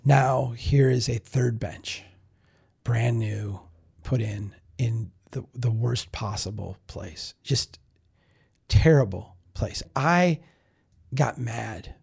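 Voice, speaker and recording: A podcast host telling a candid, self-reflective story in a casual monologue, often restarting and repeating words. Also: male voice, medium pitch, slow, creaky, darkish tone, husky. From Minnesota.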